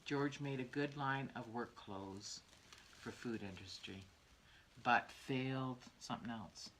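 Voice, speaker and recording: Chatty older woman, low and bright. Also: unhurried, breathy edge. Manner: chatty, laughs often, trails off into asides. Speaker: craft livestream host. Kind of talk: rambling casual chat.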